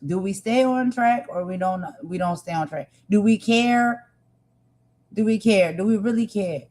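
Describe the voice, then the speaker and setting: A woman hosting a livestream speaks in an unhurried, mid-range voice that is a little mellow. She addresses her viewers directly with earnest, impassioned emotional commentary.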